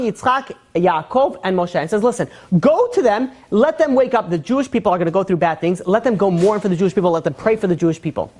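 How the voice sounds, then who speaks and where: A woman giving a religious lesson, telling stories in an animated way and acting out the quotes, with lots of repetition and fillers. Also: lowish voice. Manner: fast, repetitive speech with fillers. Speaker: Torah teacher.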